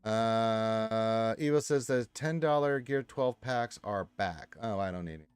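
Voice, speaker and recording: A man hosting a casual livestream, reading viewers' chat messages aloud with lively swings in pitch and loudness. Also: measured pace, clean tone, dry recording, faint music behind.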